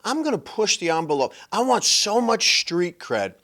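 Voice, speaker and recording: A man's voice: sits high, very animated, moderate pace, bright, forceful tone, pitched above the performer's own voice, heavily acted. A man doing a mocking, exaggerated impression of a female politician who is faking a folksy accent. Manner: exaggerated, sarcastic.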